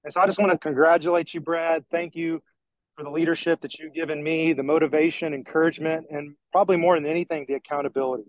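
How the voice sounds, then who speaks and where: A man's voice: on the high side, little pitch movement, fast, dry recording, rough recording. A man in a group call praising a squad mate in an admiring, easygoing way. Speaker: squad member.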